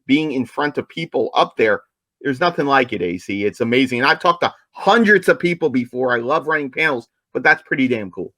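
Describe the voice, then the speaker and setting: A man co-hosting a casual podcast, talking with eager energy and hammering his points home by repeating them. His voice sits in a middle pitch. The sound is dry and close, with no room echo. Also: animated, a little fast, pushed and bright. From New Jersey, USA. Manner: enthusiastic, repeats points for emphasis. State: coughing, apologizes for it. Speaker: podcast co-host.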